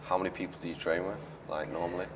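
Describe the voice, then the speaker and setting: A man's voice: deep voice, level tone, very fast, slight background noise. A man hosting a casual interview podcast, earnest and repeating phrases for emphasis. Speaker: podcast host. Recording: echoey room, distant mic.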